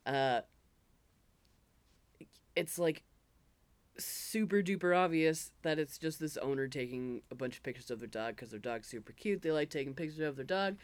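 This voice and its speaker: A woman's voice: low voice, expressive, moderate pace, long pauses. A woman co-hosting a casual podcast over beers, giggly and sweary, rambling as she talks. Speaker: podcast co-host.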